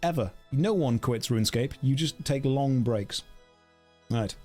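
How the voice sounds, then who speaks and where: A man's voice: medium pitch, measured pace, dark tone, soft background music. A male streamer joking with his chat in a mock-serious way while playing a game. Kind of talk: casual game stream commentary.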